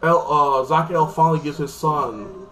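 A man's voice: a little high, unhurried. Rambling man recapping a TV episode. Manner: rambling, filler-heavy, lots of "like". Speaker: TV episode reviewer. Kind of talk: casual spoken recap. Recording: distant mic with loud music.

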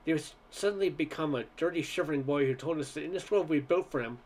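A man's voice: on the high side, fast talker, a little mellow. A man reading a short story aloud, narration and dialogue in one voice, stumbling and restarting on some words. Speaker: amateur reader.

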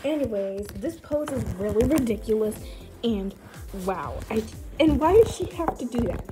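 A woman's voice: a little high, animated, moderate pace, dark tone, faint music behind. A woman casually reading aloud her own childhood book and adding amused, mocking, incredulous comments on it.

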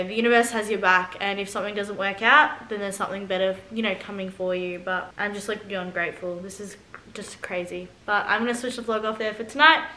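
A woman's voice: mid-range voice, bright, forceful tone. Gushing young Australian woman, echoey room. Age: 20s. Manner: gushing, chatty, heavy use of "like". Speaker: fitness vlogger. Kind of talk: casual vlog chat.

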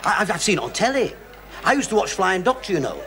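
In a 1970s TV sitcom with audience laughter, an actor plays a brash, boastful middle-aged Englishman, a boisterous visitor. His high-pitched, gravelly voice moves at a quick pace in a sing-song, heavily acted delivery, blustering and boastful over a noisy background.

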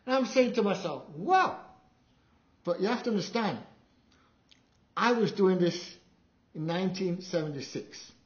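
Older male lecturer, lively raconteur, slightly high voice, dull roomy hall recording. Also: moderate pace, long pauses. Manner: animated storyteller, acts out quotes with big pitch jumps. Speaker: live sound engineer giving a talk. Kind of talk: anecdotal presentation to an audience.

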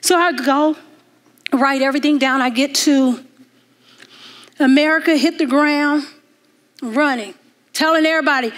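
A woman minister preaching a sermon in a church, telling a story with emphatic rises and hushed passages. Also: high-pitched, a little slow, long pauses. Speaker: guest minister. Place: church sanctuary.

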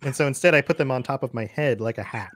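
A man's voice: mid-range voice, quick pace, a bit bright. A man playing a tabletop game in a joking, playful way. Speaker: player.

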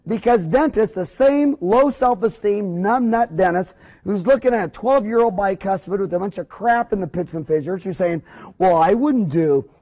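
Middle-aged man, high voice, blunt and preachy dentist-lecturer. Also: moderate pace, dark tone. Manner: fired-up, blunt, preachy, acts out little scenes. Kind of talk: energetic spoken lecture.

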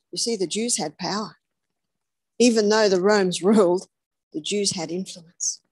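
A woman's voice: on the high side, a little mellow, husky, no room sound. A woman preaching a sermon, telling the story dramatically, dropping to whispers and then rising with emphasis. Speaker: health speaker preaching.

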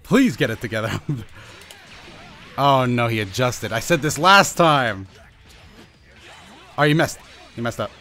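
A young man giving live commentary over his own fighting-game match, anxious and pleading with himself, his pitch jumping up and down. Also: animated, measured pace, pauses often, pushed and bright. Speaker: gaming channel host. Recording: faint music behind.

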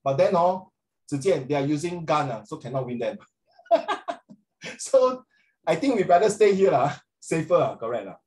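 A middle-aged man with a Singaporean English accent teaches social studies in a lively, teasing way. He is openly sarcastic and slips Mandarin phrases into his English. His speaking voice sits a bit higher than most men's. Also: normal speed, poor audio. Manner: animated, joking, sarcastic. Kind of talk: classroom teaching.

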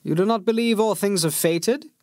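A man voicing a cool, deliberate noble lord. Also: sits high, darkish tone, no echo, studio quality, voice pushed up, lightly acted. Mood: measured. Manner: slow, deliberate and thoughtful.

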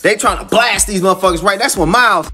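A man's voice: high voice, fast, sharp tone, soft background music. A man casually recapping a comic book story in slangy, heavily profane talk. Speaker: comic book video host.

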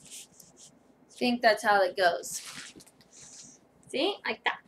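Tired, slow-talking woman vlogger. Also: a little high, a little hiss or hum. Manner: relaxed, rambling, thinking aloud. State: tired, yawning. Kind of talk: casual try-on vlog.

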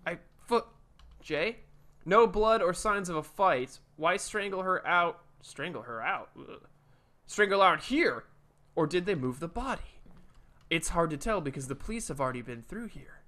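A man giving casual, animated gameplay commentary from his home, jumpy and swearing freely. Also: fairly high pitch. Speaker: let's play host. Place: home room with a cat nearby.

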